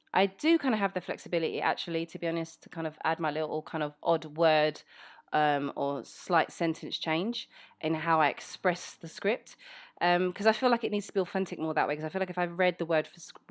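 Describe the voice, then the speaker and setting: Low-voiced South London woman, chatty. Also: fairly quick. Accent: South London English, fairly well-spoken. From South London, England. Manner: chatty, frank, many "um"s, reads questions aloud. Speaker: voice actor answering listener questions. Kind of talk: casual Q&A chat.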